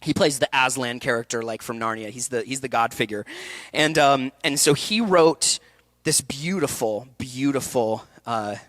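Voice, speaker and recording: A man in his thirties giving a passionate, animated talk to actors at a festival session. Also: medium pitch, dry recording. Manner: passionate, animated, quick bursts with laughs. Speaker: acting coach speaking at a festival session. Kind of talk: energetic workshop talk. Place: event hall before an audience.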